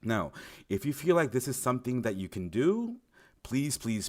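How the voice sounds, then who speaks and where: A man's voice: lowish voice, very animated, moderate pace. A young man giving an informal explainer video, friendly and encouraging, lifting his voice on key words. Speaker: recruiter explaining teaching in China.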